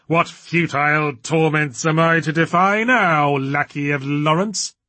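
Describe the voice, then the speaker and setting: A man voicing a dazed, pompous, theatrical male villain who talks slowly and grandly, slurring his words. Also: on the high side, pushed and bright, pitched above the performer's own voice. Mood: grandiose, slurred.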